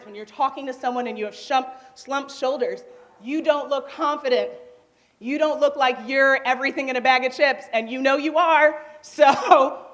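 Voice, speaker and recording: Loud, lively woman speaker on stage. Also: sits high. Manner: lively, laughs often, asks the crowd questions; naturally loud. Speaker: conference speaker. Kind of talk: motivational workshop talk to a live audience. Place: conference hall stage.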